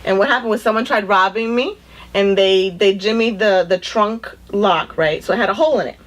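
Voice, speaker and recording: A middle-aged woman telling a story in a casual podcast chat, animated and acting out the people she quotes. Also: medium pitch, brisk. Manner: animated, acts out quoted dialogue. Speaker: podcast co-host.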